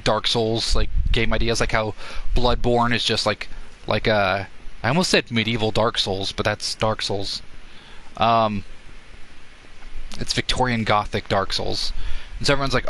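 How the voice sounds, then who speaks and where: A man's voice: on the low side, steady tone, a little slow, pauses often, bright, forceful tone, slight background noise, low-quality recording. A man giving casual, rambling gameplay commentary, full of fillers and swearing.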